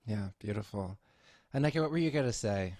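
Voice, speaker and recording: A man moderating a panel, lively and joking as he encourages the speakers. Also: on the low side, brisk.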